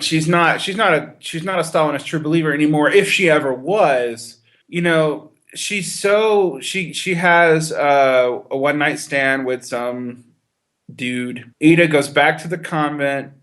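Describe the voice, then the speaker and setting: A man's voice: a little high, a little slow, fairly bright tone, reverberant. A man co-hosting a podcast, chatting casually about a film with many restarts and some laughter. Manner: conversational, with frequent restarts and a little laughter. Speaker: podcast co-host.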